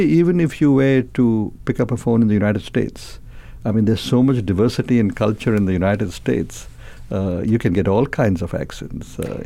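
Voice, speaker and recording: A man's voice: fairly low pitch, gravelly, warm tone. An older man answering interview questions as a company chairman, hesitant, with many fillers and repeated words.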